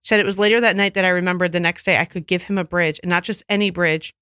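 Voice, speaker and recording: A woman co-hosting a casual podcast chat, telling stories with lively acted-out quotes. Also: fairly low pitch, quick pace, clean tone, no echo, studio quality. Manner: animated storyteller who acts out quoted voices. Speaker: podcast co-host.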